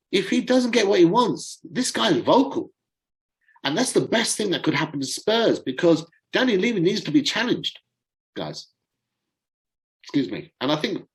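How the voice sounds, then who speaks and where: A man's voice: a little high, animated, moderate pace, low-quality recording. A middle-aged man hosting a fan channel. He talks through football in a casual, rambling way and sometimes fumbles for names.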